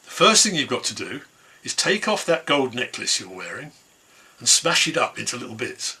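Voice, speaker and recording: Brief: bossy storybook mouse, husky and bright, voiced by a male storyteller. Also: medium pitch, sing-song, full character voice. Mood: commanding. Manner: brisk, commanding. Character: small, cunning female mouse helper.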